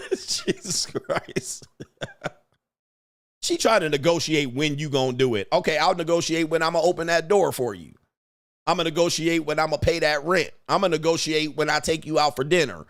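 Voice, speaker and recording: A man's voice: fairly high pitch, a little fast. A man hosting a show, ranting in a crude, boastful, swaggering way in casual talk. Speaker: show host. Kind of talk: casual livestream rant.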